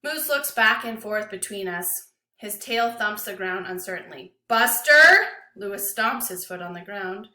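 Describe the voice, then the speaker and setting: A woman teacher reading a novel aloud to her class with an expressive, dramatic delivery. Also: medium pitch, moderate pace, roomy sound.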